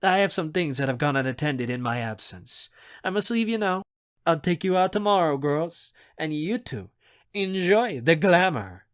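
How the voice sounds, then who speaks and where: Genial older man in his fifties, polished, teasing, read by a man, lively voice, audiobook figure. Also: a little high, normal speed, pitched above the performer's own voice, natural voice. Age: 50s. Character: polished older male hotel manager, smooth and charming.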